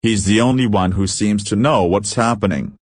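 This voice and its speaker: A man's voice: lowish voice, moderate pace, no echo, studio quality, natural voice. A man voicing a stern male prison governor who speaks in a curt, scathing way. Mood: stern, scornful.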